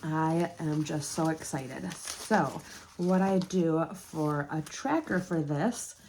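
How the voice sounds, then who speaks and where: A woman talks casually to her viewers while counting bills aloud in a low, mellow voice. Her talk is warm with gratitude and excitement about her savings. A faint hiss sits under the recording. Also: slow. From United States. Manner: emotional and grateful, counting aloud. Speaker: budgeting vlogger. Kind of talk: casual chat to camera while counting cash.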